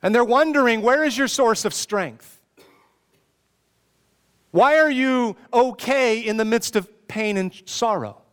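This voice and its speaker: A man's voice: very high voice, slow pace, pauses often, fairly bright tone, smooth, in a large hall. A man preaching a sermon as pastor, earnest and pleading, often asking rhetorical questions.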